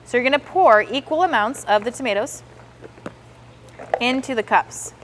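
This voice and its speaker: A woman's voice: on the high side, lively intonation, moderate pace, noisy background. A woman giving a sales training demonstration, enthusiastic and coaching, acting out how customers react.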